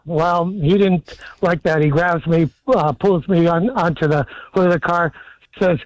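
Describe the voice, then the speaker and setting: A man calling in to a sports radio show, telling a funny story deadpan with a lot of ums. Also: high voice, normal speed, no room sound, poor audio. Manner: deadpan joke-teller, hesitant with many ums. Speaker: caller.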